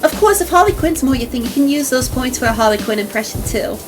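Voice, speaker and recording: High-voiced, playful woman streamer. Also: lively intonation, quick pace, over music. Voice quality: very flexible voice. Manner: playful and crude, switching voices. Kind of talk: casual livestream chat.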